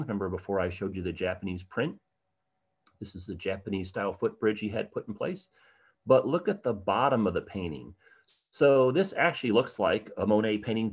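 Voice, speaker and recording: Giving a slideshow lecture on art history over livestream, this man speaks with a lowish, slightly mellow voice. He chats casually with viewers, drops plenty of ums and uhs, and picks up questions from the chat.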